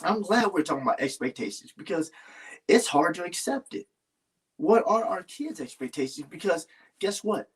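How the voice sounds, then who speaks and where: A man's voice: high-pitched, very animated, normal speed, slightly rough. A man talking earnestly in a casual heartfelt conversation, rambling and restarting his sentences. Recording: voice a little far from the mic.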